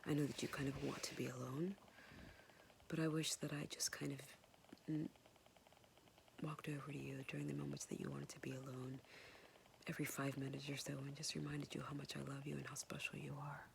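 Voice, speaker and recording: A woman whispering a soft, hesitant, tender and apologetic personal message to her son, pausing often. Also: extremely low pitch, little pitch movement, vocal fry, a little hiss or hum. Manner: soft and hesitant, many pauses and fillers. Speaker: mother speaking to her son.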